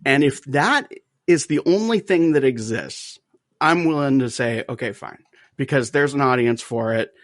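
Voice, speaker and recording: A man's voice: mid-range voice, expressive, moderate pace, no echo. A man hosting a podcast in casual chat, telling a story with animation and acting out quoted voices. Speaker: podcast host.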